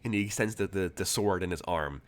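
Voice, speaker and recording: A man's voice: low-pitched, brisk. A man narrating as game master, rambling with many fillers and restarts.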